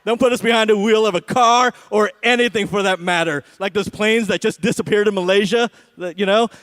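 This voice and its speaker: A man's voice: sits high, a little fast, fairly bright tone. A man doing a stand-up comedy set at an awards show, with a sarcastic, punchy delivery and frequent "right?" asides.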